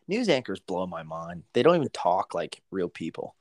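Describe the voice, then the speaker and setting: A man's voice: low voice, normal speed, no echo, studio quality. A young man co-hosting a podcast, joking and chatting casually, often saying dude. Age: young adult. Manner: animated, joking, says dude a lot. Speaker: podcast co-host. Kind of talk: casual chat.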